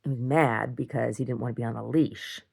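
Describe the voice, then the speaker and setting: A woman recording a casual video diary, rambling through an animated story and acting out what others said. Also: very deep voice, a little fast, vocal fry, slightly rough. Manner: rambling, animated retelling with acted-out quotes. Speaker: video diarist.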